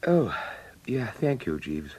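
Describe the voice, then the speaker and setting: An actor playing a cheerful, dim young gentleman in a radio comedy drama, with a bumbling, indignant way of protesting. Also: medium pitch, very animated, slow, breathy edge, heavily acted. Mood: breezy. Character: young male idle aristocrat, cheerful and dim.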